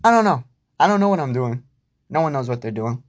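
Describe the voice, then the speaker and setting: A man's voice: medium pitch, big pitch swings, fast talker, a little hiss or hum. Swearing young man ranting on a podcast. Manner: profane, rambling, self-talking. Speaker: podcast host. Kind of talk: casual solo podcast rant.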